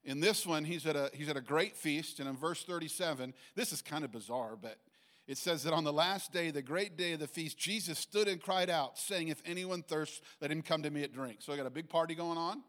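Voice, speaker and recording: A man preaching a sermon in a conversational way, reading scripture slowly and checking in with his listeners. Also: on the high side. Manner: bursts into loud acted shouts when quoting. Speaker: pastor. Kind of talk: sermon teaching.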